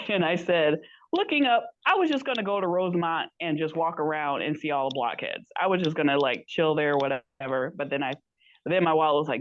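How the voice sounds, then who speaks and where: Her voice sits low and moves fairly quickly as this woman, a podcast guest, rambles through a story and performs the words of the people in it. The audio is dull, with a bit of background noise.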